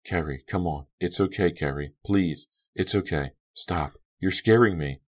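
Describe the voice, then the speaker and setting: Man voicing a pouty teenage girl, fretful, very deep voice, storybook reading. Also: a little slow. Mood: pleading.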